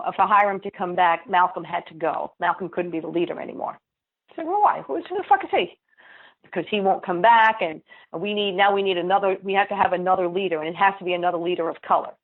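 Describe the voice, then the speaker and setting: A woman state senator telling a story in an interview, blunt and lively, acting out the dialogue and laughing often. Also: on the low side. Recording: tinny phone-like line.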